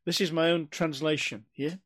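A man's voice: fairly high pitch, steady tone, normal speed, fairly bright tone, a little hiss or hum. A man giving an expository Bible teaching, earnest and emphatic, often repeating and restarting phrases as he explains. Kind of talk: expository sermon.

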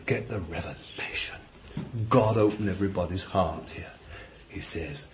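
An Englishman preaching a sermon with fervour, swinging from loud exhortation to quiet asides. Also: low voice. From England. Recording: dull lo-fi recording with faint hiss.

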